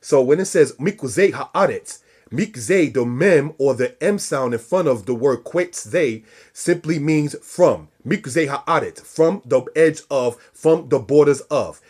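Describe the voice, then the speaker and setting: A man's voice: fairly high pitch, expressive, unhurried, a little mellow, husky. A man giving a scripture lesson, preaching style, repeating and stressing key words and calling his listeners brothers and sisters. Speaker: religious teacher.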